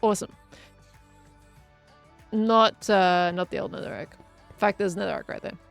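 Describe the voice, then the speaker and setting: Aussie woman streaming a game, bit of fry in the voice, chatty with chat, quiet music under it. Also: mid-range voice, brisk. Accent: Australian. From Australia. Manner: chatty, reads out chat messages and reacts to viewers. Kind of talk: casual live-stream chat.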